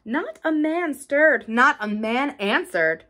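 A woman narrating an audiobook chapter with expressive storytelling. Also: high voice, takes it slowly. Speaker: audiobook reader.

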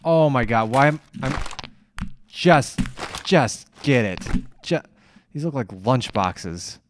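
Excitable man narrating his gameplay. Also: mid-range voice, slow pace, background noise. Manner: excitable, swears and scolds himself out loud. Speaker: gamer playing a video game. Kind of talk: let's play commentary.

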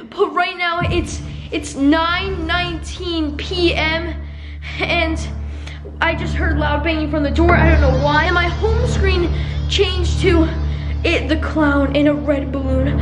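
Very high-pitched panicky woman vlogger. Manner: panicky, repeats pleas and denials, shifts between shrieks and low murmurs. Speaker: YouTuber host. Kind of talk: staged scary-prank vlog. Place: at home indoors. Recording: loud music under the voice.

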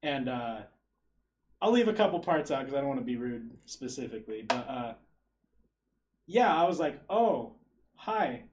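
A man's voice: mid-range voice, lively intonation, moderate pace, pauses often, a little mellow. A young adult man on a podcast, telling a rambling, self-deprecating story to friends in casual chat and laughing through it. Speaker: podcast co-host.

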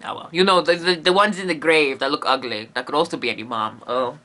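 A man's voice: on the high side, fast talker, pushed and bright. A man hosting a comedic monster explainer, rambling in a playful, goofy way full of silly asides. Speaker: comedic host playing a medium.

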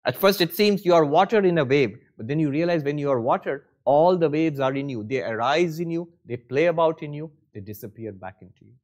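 A man with a high-pitched voice gives a spiritual discourse at a retreat. He teaches conversationally and keeps asking rhetorical questions. He slips in dry, self-mocking humor as he goes. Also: animated, a little fast, few pauses, a little mellow.

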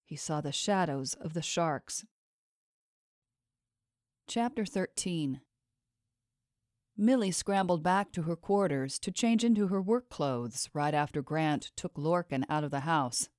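A woman reading an audiobook novel in a steady, even storytelling manner on a close microphone. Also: on the low side, dry recording. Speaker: audiobook narrator. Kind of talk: scripted audiobook narration.

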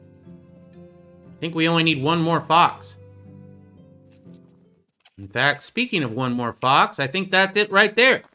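High-pitched guy hosting a game video, chatty and goofy, light music in the background. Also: takes it slowly, long pauses, bright, forceful tone. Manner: chatty, playful, jokes at his own expense. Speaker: gaming video host. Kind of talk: casual gameplay commentary.

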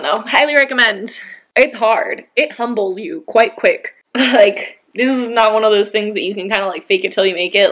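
A woman's voice: medium pitch, expressive, normal speed, fairly bright tone. Chatty young woman vlogging at home. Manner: chatty, rambling, laughing often. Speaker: book vlogger. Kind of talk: casual vlog chat.

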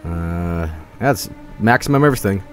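A man's voice: low voice, lively intonation, moderate pace, soft background music. A man streaming a video game, chatting casually and jokingly with lots of fillers. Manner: jokey, rambling, full of fillers. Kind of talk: casual gaming commentary.

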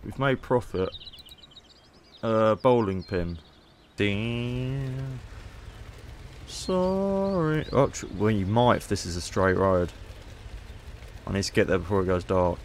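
A man's voice: fairly low pitch, slow pace, pauses often, slight background noise. A man casually commentating gameplay as a YouTuber, chatty and playful. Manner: chatty, playful, haggling asides. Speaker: gaming YouTuber.

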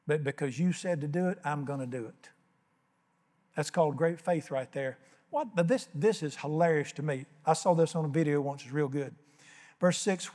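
Older nc preacher guy, kinda high voice, folksy stories, acts out all the voices. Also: a little mellow, big-room sound. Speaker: pastor. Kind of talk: sermon.

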